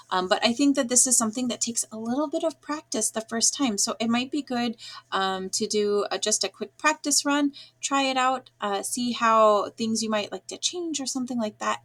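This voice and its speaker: A woman teacher giving a lesson to children, speaking slowly and clearly with frequent pauses and "um"s. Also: a little high. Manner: encouraging, slow and clear, with frequent "um"s.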